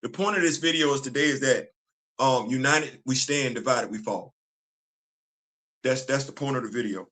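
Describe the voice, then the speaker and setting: Emphatic man with a bright voice. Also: mid-range voice, moderate pace, long pauses. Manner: emphatic, repeats phrases for effect. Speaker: commentary channel host. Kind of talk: casual opinion commentary.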